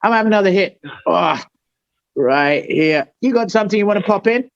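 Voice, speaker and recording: A man's voice: high-pitched, lively intonation, a little fast, creaky, no room sound, muffled recording. A man hosting a casual hot sauce tasting chat, swearing and groaning from the heat. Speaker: host.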